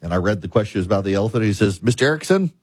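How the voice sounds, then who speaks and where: Husky-voiced man hosting a talk show. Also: sits low, fairly even intonation, racing, a little mellow, dry recording. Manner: storytelling, emphatic, explaining.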